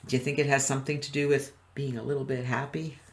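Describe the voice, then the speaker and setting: Upbeat male webinar presenter, mid-pitched, chuckles and quizzes listeners. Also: little pitch movement, quick pace, gravelly. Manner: upbeat, often asks the audience questions; chuckles between points. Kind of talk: motivational webinar talk.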